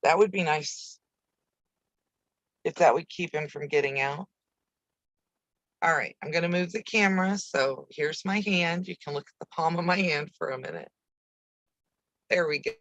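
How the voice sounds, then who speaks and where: A woman's voice: deep voice, normal speed, long pauses, fairly bright tone, no room sound, rough recording. Chatty woman hosting a quilting stream. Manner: chatty, rambling, with easy asides. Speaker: quilting channel host. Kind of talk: casual live-stream chat while quilting. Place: home sewing room. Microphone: camera on a video call setup.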